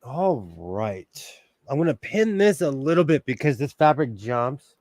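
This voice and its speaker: A man's voice: medium pitch, lively intonation, unhurried, darkish tone, no echo. A man hosting a casual sewing livestream, chatting and reading comments while he works, laughing often. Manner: chatty, laughs often, reads chat aloud.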